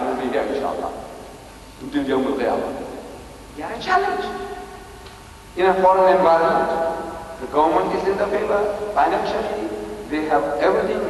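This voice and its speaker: A man's voice: a little high, recorded from a distance, slight background noise. Older man lecturing in an echoey hall. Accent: South African. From South Africa. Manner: emphatic orator with rhetorical questions and repetition. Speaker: Islamic lecturer. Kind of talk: public lecture to a live audience. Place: large hall with live audience. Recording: echoey hall recorded from afar.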